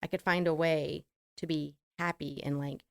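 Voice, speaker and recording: A middle-aged woman with a country American accent, talking through her thoughts on a podcast in a rambling, reflective way and laughing easily. Her voice sits a little low and sounds smooth and resonant. The recording is dry and close. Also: steady tone, normal speed, no echo. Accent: American rural. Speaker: podcast co-host. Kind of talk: casual chat.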